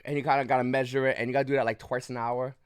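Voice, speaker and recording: A man's voice: mid-range voice, flat delivery, rapid-fire, clear, resonant tone, dry recording. A man casually recounting a story to the camera, rambling with restarts and short of breath, with frequent coughs. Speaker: YouTube channel host.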